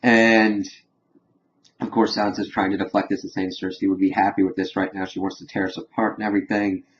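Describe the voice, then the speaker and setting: A fairly low-pitched young man chatting through a spoiler review of a TV episode. He retells each scene loosely and slips into paraphrased dialogue. The recording sounds dull and lo-fi. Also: little pitch movement, brisk, a little hiss or hum.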